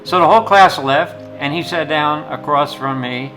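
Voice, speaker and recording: An older man, a retired jewelry teacher, tells rambling stories in a blunt, opinionated way. His voice sits a bit high for a man. Soft guitar music plays underneath him. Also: moderate pace, rough recording. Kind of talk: anecdotal storytelling.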